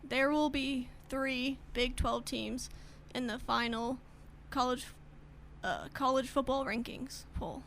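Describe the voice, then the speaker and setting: High, gravelly-voiced woman on sports radio. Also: slow pace, fairly bright tone, a little hiss or hum. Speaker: radio show contributor. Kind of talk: casual sports talk.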